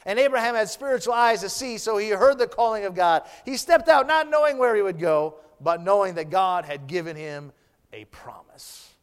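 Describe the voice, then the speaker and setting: Male pastor preaching with rising and falling cadence; high, clear voice in a reverberant sanctuary. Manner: preaching cadence, drawn-out phrases trailing off soft. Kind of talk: sermon. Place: church.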